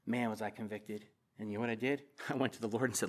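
A man's voice: on the low side, fairly even intonation, quick pace. Passionate male pastor preaching. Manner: passionate, swings between loud emphasis and quiet asides. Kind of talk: sermon. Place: church.

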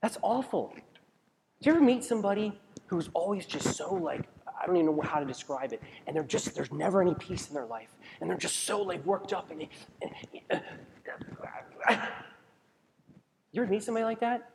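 A man's voice: sits high, expressive, normal speed, creaky, noisy background. A man preaching a sermon as a pastor in a conversational way, asking the congregation questions and often restarting his sentences. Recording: long reverb of a large hall.

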